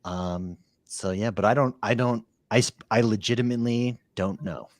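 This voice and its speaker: A woman co-hosting a casual podcast chat, relaxed and curious, asking questions. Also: rumbling low, normal speed, dry recording, clean studio sound. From family from Scotland. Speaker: podcast co-host.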